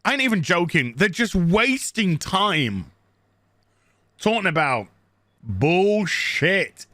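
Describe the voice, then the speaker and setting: A man's voice: sits high, big pitch swings, takes it slowly, sharp tone, dry recording. A man giving a crude, sarcastic, mocking recap of a TV episode as a show reviewer.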